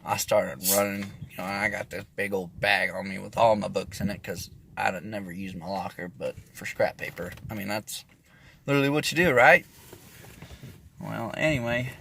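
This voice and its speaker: A man's voice: fairly low pitch, steady tone, moderate pace, gravelly, a bit bright, slight background noise. A man telling a rambling, profane story in a casual, self-interrupting way.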